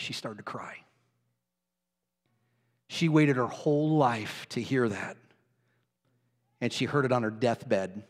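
A man preaching a sermon, telling a personal story with strong emotion and often dropping to hushed tones. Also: medium pitch. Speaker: pastor. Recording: long hall reverb.

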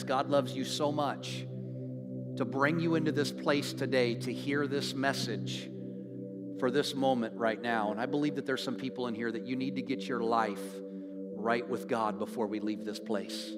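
A male pastor giving an earnest altar call, repeating his words and building in force as he urges the congregation. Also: mid-range voice. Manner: earnest, repeats words, swells louder when urging. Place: church sanctuary. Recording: long reverb in a large hall.

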